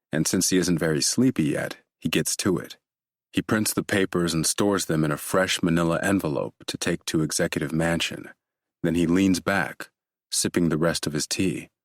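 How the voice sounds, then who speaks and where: A male audiobook narrator with a very low voice reads a thriller in a measured, steady way. The recording is close and dry. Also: no echo.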